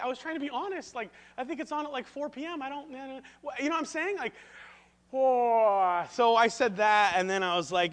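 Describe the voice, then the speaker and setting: Male pastor, high-pitched, animated sermon storyteller with a self-deprecating streak. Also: normal speed.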